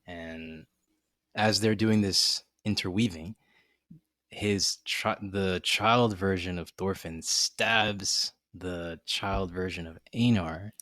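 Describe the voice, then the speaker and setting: Low-voiced guy going over an anime episode scene by scene, dry close sound. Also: steady tone, slow, sharp tone, no room sound. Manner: thoughtful, recapping scenes at length. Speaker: anime discussion podcast co-host. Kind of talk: casual chat.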